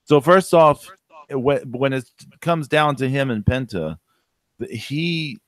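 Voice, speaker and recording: A man's voice: mid-range voice, animated, slow, no room sound. A man hosting a casual wrestling chat, rambling with lots of "like" and "uh". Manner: rambling, filler-heavy, says "like" a lot. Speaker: podcast host.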